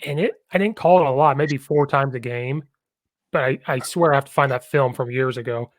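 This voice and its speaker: A man's voice: medium pitch, fairly quick, dry recording. A man hosting a podcast and chatting casually about coaching football, telling rambling stories with a lot of enthusiasm.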